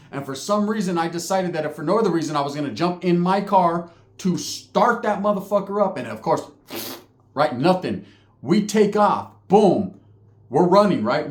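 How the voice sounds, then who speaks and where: A man telling a story casually, with lots of slang and swearing. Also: on the high side. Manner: profane, slangy, animated. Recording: echoey room.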